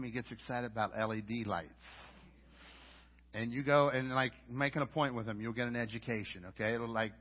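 Man, pastor, sermon, loud emphatic lines and quiet asides, dull lo-fi recording. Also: medium pitch, breathy edge. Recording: dull lo-fi audio.

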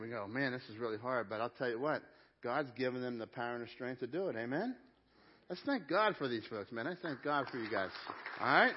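A middle-aged man preaching a sermon in a church, conversational and emphatic, talking straight to the congregation. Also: mid-range voice. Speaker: pastor. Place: church sanctuary. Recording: dull lo-fi sound.

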